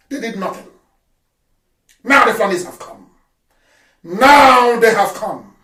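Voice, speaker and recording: A man with a Nigerian accent giving an impassioned live radio address, fiery and mocking, often breaking into shouts. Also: very high-pitched, lively intonation, a little slow, pauses often. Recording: roomy and distant from the mic.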